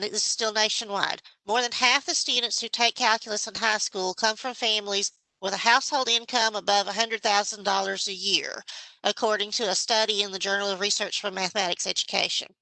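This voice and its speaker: Woman presenting to a board, bright crisp voice, a bit high, dry sound, explains step by step. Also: no room sound, low-quality recording. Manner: explanatory, measured, with some restarts. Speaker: committee member presenting to a state education board. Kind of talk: formal presentation.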